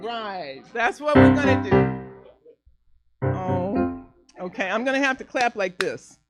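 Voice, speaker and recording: Slow-talking playful woman minister. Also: medium pitch, animated. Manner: playful, laughs easily, slow and deliberate. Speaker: minister giving the talk. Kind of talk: sermon with group singing. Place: church sanctuary. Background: faint piano.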